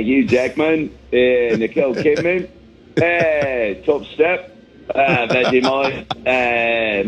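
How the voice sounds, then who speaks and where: A man putting on a brash Australian bloke voice, higher than his own, over a call. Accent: put-on Australian. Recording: dull lo-fi call audio.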